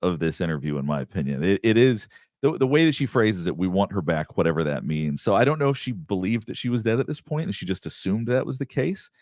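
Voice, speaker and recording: A man's voice: on the low side, sing-song, quick pace, darkish tone, no echo, studio quality. A man guest weighing a case thoughtfully, often restarting his sentences. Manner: thoughtful, hesitant, many restarts. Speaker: behavior expert guest. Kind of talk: analytical panel discussion.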